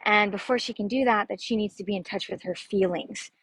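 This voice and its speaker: A woman's voice: medium pitch, brisk, a little hiss or hum, rough recording. A woman working as a success coach, giving an earnest motivational talk to camera and often ending her points with "right?". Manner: warm, calls listeners "sister".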